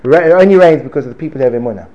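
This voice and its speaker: A man's voice: medium pitch, expressive, rapid-fire, warm tone. A man teaching an informal Torah class to a live room, joking and digressive, often repeating himself. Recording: dull lo-fi recording with faint room noise.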